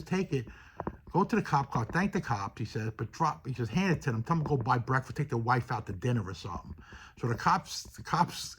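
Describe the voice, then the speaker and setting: A man's voice: medium pitch, husky. A man telling a casual story from memory, rambling with many fillers and quoted dialogue. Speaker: storyteller recounting personal memories.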